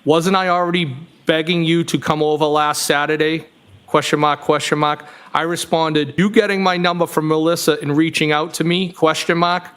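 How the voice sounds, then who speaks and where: A man with a Boston accent testifying in a courtroom, reading text messages aloud slowly and flatly, stopping now and then to correct the wording. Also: a little high, smooth. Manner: slow, flat reading with small self-corrections. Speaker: trial witness.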